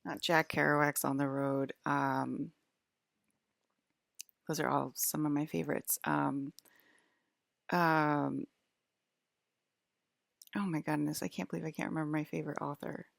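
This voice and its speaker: Low gravelly woman rambling on with lots of ums, like a casual vlog. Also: little pitch movement, a little slow, pauses often, no room sound, studio quality. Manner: rambling, hesitant, many fillers. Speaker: vlogger.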